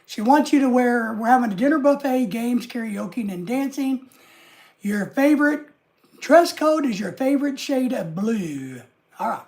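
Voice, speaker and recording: A woman's voice: on the high side, animated, unhurried, a little mellow. A woman hosting a casual live stream, rambling and reading viewer comments aloud.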